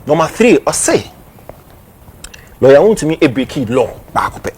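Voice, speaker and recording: A man's voice: on the high side, big pitch swings, normal speed, a little mellow, breathy edge. Ghanaian man explaining point by point. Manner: explains point by point, laughs in between. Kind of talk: news commentary talk show.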